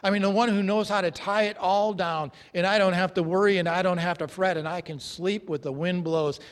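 Preacher, male, high-pitched, emphatic sermon delivery, long hall reverb. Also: steady tone, a little fast. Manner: earnest, emphatic preaching with dramatic drops to a hush.

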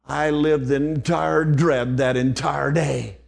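A man's voice: medium pitch, takes it slowly, creaky, long pauses, husky. An older man preaching an old-fashioned sermon, dropping to near whispers and then rising to fervent outbursts.

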